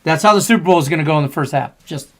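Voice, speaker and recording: A man co-hosting a casual sports betting podcast, rambling and profane as he tells animated stories. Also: fairly high pitch, rapid-fire. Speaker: podcast co-host.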